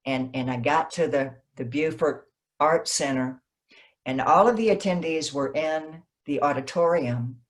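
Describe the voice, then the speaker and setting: A woman novelist, a guest in an interview, telling stories in a lively way and acting out what people said. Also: deep voice, a little slow. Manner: animated, acts out quoted dialogue. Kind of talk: conversational interview, storytelling.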